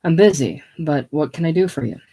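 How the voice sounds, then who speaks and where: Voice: mid-range voice, animated, a little fast, dark tone, breathy edge. A reader voicing David, a plain-spoken young garage owner of about twenty-one, friendly but a bit tense. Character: young small-town garage man, about 21.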